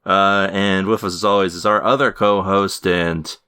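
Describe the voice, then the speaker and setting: A man's voice: deep voice, fairly even intonation, moderate pace, bright, forceful tone, clean tone. A man hosting a podcast in casual chat, wry and hesitant with fillers. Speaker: podcast host.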